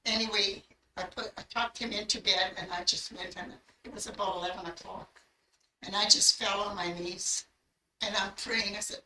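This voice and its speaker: A woman's voice: mid-range voice, measured pace, sharp tone, slight background noise. An older woman telling her life story in earnest, acting out the words she remembers saying. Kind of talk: personal storytelling. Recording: echoey room, voice from a distance.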